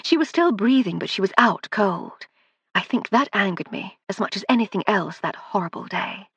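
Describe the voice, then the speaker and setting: A composed upper-class lady speaks with cool, crisp poise, as a woman narrator plays her. Her voice is slightly husky and close to the mic, without room sound. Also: mid-range voice, a bit bright, dry recording.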